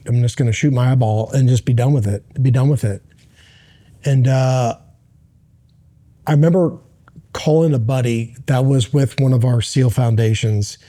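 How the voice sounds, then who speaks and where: A middle-aged American man, a former Navy SEAL, telling a personal story as an interview guest, halting and earnest with many restarts. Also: medium pitch, mellow.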